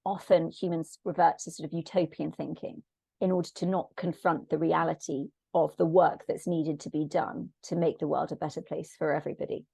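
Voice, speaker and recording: Lady musing on a podcast, lowish gravelly voice, dry sound. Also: level tone, a little fast, warm tone, dry recording. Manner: reflective, searching for words. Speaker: podcast guest. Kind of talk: thoughtful conversational discussion.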